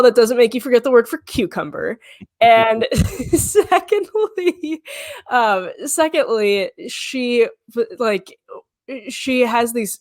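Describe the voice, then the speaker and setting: A woman co-hosting a casual political chat, animated, laughing often and talking quickly. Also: mid-range voice, no echo, studio quality. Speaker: culture editor and co-host.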